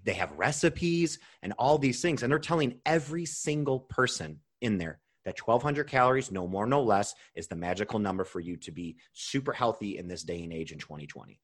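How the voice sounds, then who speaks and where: A young man hosting a podcast as a nutrition coach, talking casually, animated and swearing freely as he rants. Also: medium pitch, breathy edge.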